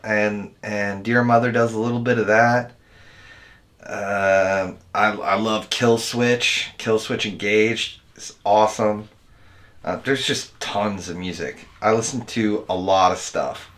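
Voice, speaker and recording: Slow and steady, his fairly low voice still carries a fairly bright tone. The speaker is an American man, a video editor who hosts his channel, loosely chatting with viewers on a relaxed livestream and addressing them as dude and man.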